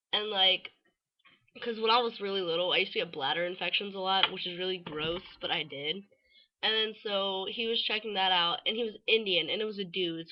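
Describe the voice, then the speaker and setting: A woman's voice: medium pitch, highs cut off. A teenage girl vlogging in a casual, rambling way, full of fillers and offhand swearing. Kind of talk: casual rambling chat to camera.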